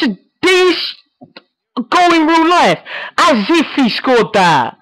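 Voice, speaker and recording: A man giving excitable live commentary on his own football video game match, yelling reactions at every play. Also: very high-pitched, slow, dry recording, rough recording. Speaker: gaming YouTuber.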